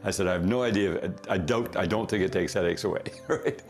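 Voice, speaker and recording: A man's voice: deep voice, fast, soft background music. A man, a company founder, telling a rambling story in a casual interview, correcting himself often and laughing.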